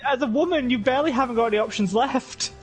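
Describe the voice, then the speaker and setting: A friend chatting casually during a game stream, trading dry, quick quips. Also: medium pitch, soft background music, poor audio. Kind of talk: casual chat while gaming.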